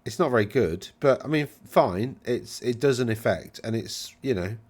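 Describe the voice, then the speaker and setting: A man's voice: mid-range voice, lively intonation, normal speed, darkish tone. A man hosting a casual commentary, rambling, correcting himself and brushing things off with wry remarks. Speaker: channel host reviewing game rules.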